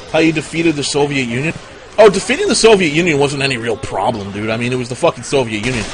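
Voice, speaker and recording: A man's voice: mid-range voice, expressive, a little fast, noisy background. Young man spinning profane tall tales. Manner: profane, rambling absurd tall tales told matter-of-factly. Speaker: game streamer. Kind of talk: casual storytelling while gaming.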